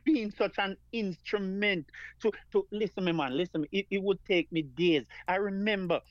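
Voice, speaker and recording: A man's voice: high voice, normal speed, lo-fi sound. A Jamaican man, a guest performer, tells an earnest story in an interview, repeating phrases and calling his listener "man of God.".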